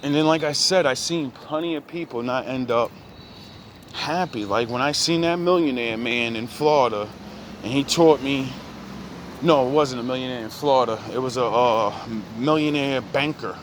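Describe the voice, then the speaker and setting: A man's voice: mid-range voice, slight background noise. A man talking in a casual, reflective monologue, rambling and full of profane street slang. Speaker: vlogger.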